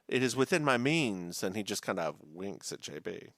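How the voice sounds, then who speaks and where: A man with a Southern American accent, co-hosting a podcast in a casual, animated chat that recaps a TV episode and drifts into joke accents. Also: fairly low pitch, normal speed, no echo, studio quality. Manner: animated, slips into a mock French accent. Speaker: podcast co-host.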